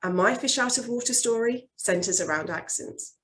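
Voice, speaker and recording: A woman with a Birmingham accent, a consultant telling a scripted personal story in a measured, earnest and reflective way. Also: fairly high pitch, fairly bright tone, slight background noise, low-quality recording. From Birmingham, England.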